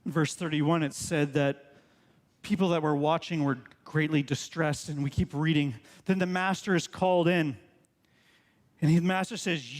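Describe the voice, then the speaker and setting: A man's voice: a little high, fairly even intonation, normal speed, in a large hall. A male pastor preaching a sermon in a conversational way, full of rhetorical questions. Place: church sanctuary.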